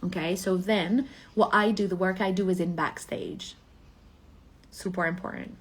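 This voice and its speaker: Woman, business coach; husky, lowish voice, emphatic motivational delivery full of rhetorical questions. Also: fairly even intonation, normal speed.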